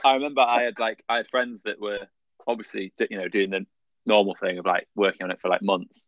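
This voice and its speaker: A man in his twenties chatting casually, halting and repeating words as he talks. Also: lowish voice, flat delivery, no echo. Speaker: podcast co-host. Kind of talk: casual chat. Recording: dry muffled lo-fi recording.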